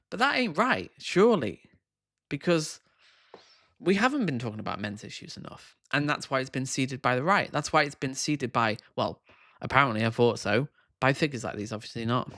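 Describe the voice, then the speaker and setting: A man's voice: medium pitch, lively intonation, brisk, bright, forceful tone, dry recording, studio quality. A man giving reaction commentary on video clips, scornful and sarcastic in his asides.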